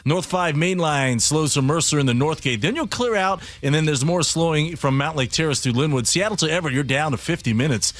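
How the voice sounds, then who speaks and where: A male traffic reporter reads out road conditions in a brisk, clipped announcer style. His voice sits a little high, and it is recorded close in a radio studio. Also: fairly bright tone, no room sound.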